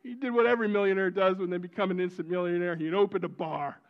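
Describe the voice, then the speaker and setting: A middle-aged man preaching with a high, bright-pitched voice. He tells personal stories from the pulpit with animated energy and breaks out in loud exclamations. The recording sounds muffled and lo-fi. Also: fast. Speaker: pastor.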